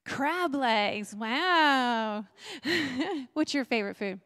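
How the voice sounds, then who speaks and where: A woman pastor gives a sermon in a church, her voice sitting high. She talks in a chatty, bubbly way, laughs often and keeps asking the congregation questions. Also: lively intonation, extremely slow, a bit bright. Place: church sanctuary.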